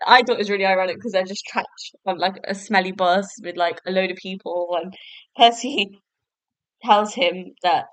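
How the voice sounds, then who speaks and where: A young woman hosts a podcast, casually reviewing a TV episode and laughing often as she talks. Her voice is mid-range and a bit bright, with no room sound.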